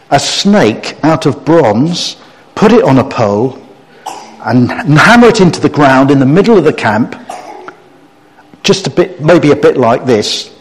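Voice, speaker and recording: A middle-aged man with a slightly raised pitch preaches by telling a story, putting on voices for the people in it. He keeps a lively, interactive storyteller's manner with his listeners. His voice rings out in a large hall with a long echo. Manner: animated storyteller who acts out quotes and gets the audience to join in. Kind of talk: story-based sermon talk.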